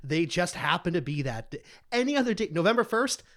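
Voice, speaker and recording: A man's voice: high voice, big pitch swings, fairly quick, a bit bright. A man co-hosting a casual podcast, joking about a film.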